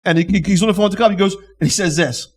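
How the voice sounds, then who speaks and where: A man co-hosting a podcast, telling a story with lively energy and acting out the people in it. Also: high-pitched, racing. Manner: animated storyteller who acts out the people in his stories. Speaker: podcast co-host. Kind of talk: casual storytelling chat.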